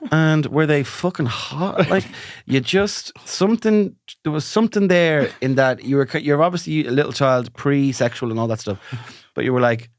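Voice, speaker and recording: A man's voice: fairly high pitch, normal speed, no room sound, clean studio sound. An Irish man co-hosting a podcast, chatting casually with playful, self-mocking storytelling. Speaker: podcast co-host. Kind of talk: casual chat.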